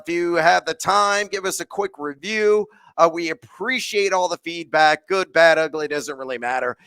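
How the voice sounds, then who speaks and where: A man hosting a solo sports betting podcast, rattling off stats with exuberant whoops and shouts. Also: on the high side, dry recording. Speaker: podcast host.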